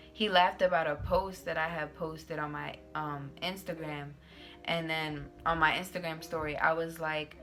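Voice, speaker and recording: A young woman tells a storytime in a sassy, slangy voice that sits on the low side and cuts through bright and forceful. Her chat is loose and expressive, full of "like"s. Faint music plays behind her. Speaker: YouTuber host. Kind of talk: casual storytime monologue.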